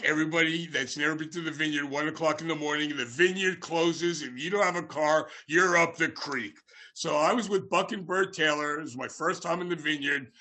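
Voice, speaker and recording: A man hosting a podcast interview, telling casual, rambling anecdotes with plenty of fillers and restarts. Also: a little high. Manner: rambling anecdotes with many fillers, shouting out quoted lines. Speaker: podcast host.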